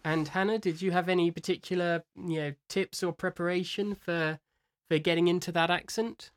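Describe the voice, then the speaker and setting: Measured interviewer asking questions. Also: medium pitch, steady tone.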